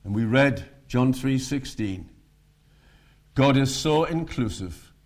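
Animated preacher man. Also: mid-range voice, slow pace, long pauses. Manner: animated, acts out quoted voices. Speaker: street preacher. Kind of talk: sermon with storytelling.

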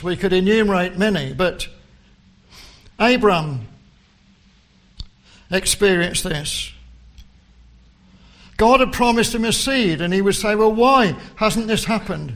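A man delivers a sermon at a measured, unhurried pace. His voice sits high for a man, and he leans into quoted verses with rising emphasis. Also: fairly bright tone. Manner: slow and deliberate, quoting scripture with rising emphasis. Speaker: preacher.

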